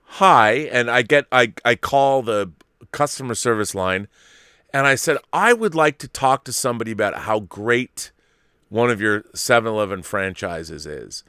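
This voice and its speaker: Casting: man, host of a casual talk show, bright forceful voice, dry close sound, lively storyteller who swears a lot. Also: medium pitch, measured pace, smooth, dry recording. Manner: animated, swearing, acts out the people in his story. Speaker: podcast host.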